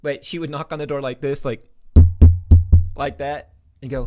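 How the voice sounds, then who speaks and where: A man's voice: mid-range voice, steady tone, normal speed, pauses often, over loud music. A man talking as a guest on an interview show, telling stories with enthusiasm and plenty of filler words. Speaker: podcast guest, author. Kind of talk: casual interview chat.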